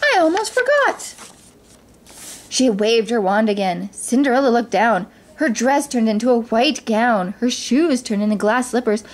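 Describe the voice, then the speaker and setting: A woman reading a children's storybook aloud in a gentle, steady way, with small slips now and then. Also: a little high, normal speed, few pauses.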